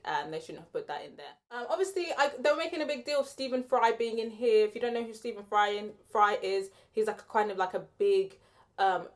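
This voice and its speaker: A young woman giving a casual, opinionated spoken film review, chatty and full of "like" and "um". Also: a little high.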